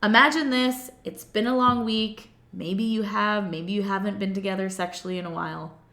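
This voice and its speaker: Woman coach, animated and playful, bright voice, slightly high, roomy echo. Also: normal speed. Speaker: self-love coach. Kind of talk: motivational talk to camera.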